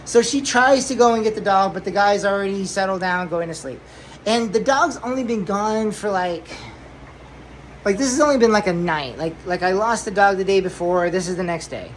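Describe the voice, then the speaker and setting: A woman's voice: mid-range voice, moderate pace, a little hiss or hum, low-quality recording. Rambling woman telling a story at home. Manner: rambling, repeats herself, many fillers. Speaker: aquarium hobby vlogger. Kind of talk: casual storytelling vlog. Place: indoors at home, new fish room.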